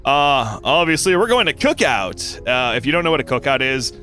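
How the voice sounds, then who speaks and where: Excitable young man with a lively voice. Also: mid-range voice, moderate pace, faint music behind. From North Carolina. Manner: excitable, giggly, rambling. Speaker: gaming YouTuber. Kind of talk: casual gameplay commentary.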